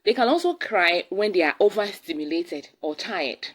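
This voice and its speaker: A woman's voice: on the low side, lively intonation, normal speed, low-quality recording. A woman with a Ghanaian English accent gives casual advice to expectant mothers, repeating key words for emphasis. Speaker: parenting vlogger. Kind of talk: casual advice talk to camera.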